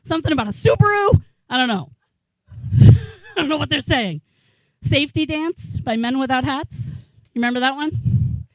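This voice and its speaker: A stand-up comic in her forties from New England, USA, works a small bar, rambling, incredulous and swearing freely. She has a high voice with lively intonation, normal speed and long pauses. The recording is dry and rough.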